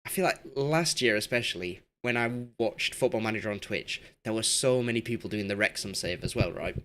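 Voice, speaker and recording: A man's voice: on the low side, a little fast, a bit bright. A man streaming a game, rambling in casual commentary and talking to the players on screen as he goes, while losing his voice.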